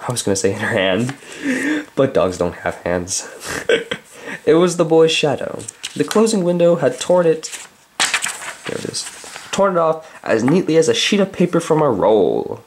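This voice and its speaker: A man's voice: fairly high pitch, big pitch swings, a little slow, pauses often, darkish tone, slight background noise. A man casually reading a children's book aloud, breaking off into chatty, joking asides. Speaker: reader.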